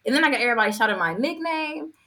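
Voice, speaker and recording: A woman guest in casual chat, telling a story with quick exclamations. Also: high voice, lively intonation, sharp tone. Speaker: guest, card game creator.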